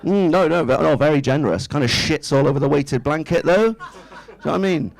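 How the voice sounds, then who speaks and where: Self-mocking stand-up comedian. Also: male voice, a little high, fairly quick, creaky, rough recording. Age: 30s. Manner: chatty, self-mocking, with rhetorical asides to the crowd. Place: small indoor comedy club stage.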